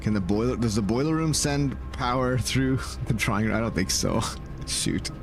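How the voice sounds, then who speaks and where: A man thinking aloud and talking to his viewers in let's-play commentary, moving from calm planning to loud outcries. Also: mid-range voice, moderate pace, music in the background. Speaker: gaming video creator.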